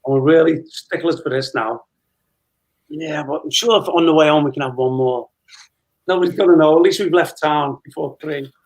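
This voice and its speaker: A man's voice: on the high side, lively intonation, normal speed, vocal fry, low-quality recording. A man in his fifties, a guest telling a long casual anecdote and acting out dialogue as he goes. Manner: chatty storyteller, re-enacting dialogue with laughs.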